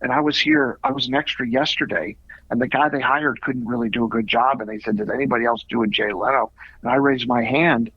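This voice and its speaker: A middle-aged man, an actor being interviewed, telling animated stories with quick asides. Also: medium pitch, creaky, slightly rough, no room sound. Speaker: actor guest. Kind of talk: casual interview storytelling. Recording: dull lo-fi audio.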